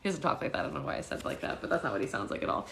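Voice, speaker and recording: A woman hosting a daily book-club livestream, chatting casually with viewers, laughing often and slipping into quick impressions. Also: very deep voice, sing-song, gravelly, a bit bright. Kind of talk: casual live-stream chat and read-aloud. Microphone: phone.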